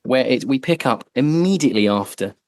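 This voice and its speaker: A man's voice: mid-range voice, animated, brisk, no room sound. A man hosting a podcast, chatting casually and joking, with lots of fillers. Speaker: podcast host. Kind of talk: casual chat.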